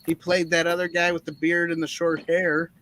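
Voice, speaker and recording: A man's voice: fairly high pitch, monotone, normal speed, bright, forceful tone, slight background noise. A man on a movie review panel, chatting casually in a rambling, hesitant way full of fillers. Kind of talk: casual chat. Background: crickets chirping.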